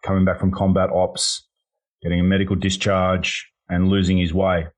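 A man hosting a podcast in a casual chat. His voice is very deep with a husky edge. He sounds upbeat and enthusiastic and likes to tease his co-hosts. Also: monotone, moderate pace. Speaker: podcast host.

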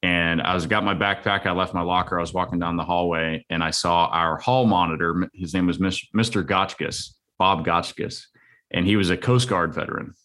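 A man's voice: sits low, fairly even intonation, moderate pace, sharp tone. A man in his thirties telling a personal story in an earnest, reflective way, loose and full of fillers.

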